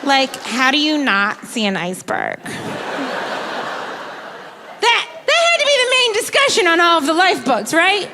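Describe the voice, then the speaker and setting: A woman's voice: very high-pitched, wildly swooping pitch, normal speed, pauses often. A woman doing stand-up, sarcastic and incredulous over a laughing crowd. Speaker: stand-up comedian. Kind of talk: stand-up routine. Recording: live show with crowd noise.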